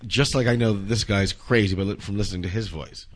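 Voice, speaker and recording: A man's voice: fairly low pitch, fairly quick. Joking man co-host. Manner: joking, deadpan asides. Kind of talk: casual interview chat.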